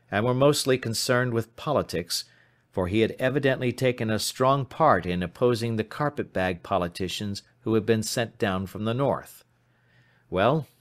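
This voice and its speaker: A man reading a classic story aloud in steady, measured scripted narration. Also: medium pitch. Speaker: audiobook narrator.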